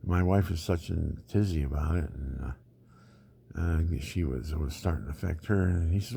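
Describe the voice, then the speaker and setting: A man's voice: rumbling low, moderate pace, vocal fry, warm tone, husky. An older man telling rambling personal stories in a digressive way, often laughing at his own anecdotes.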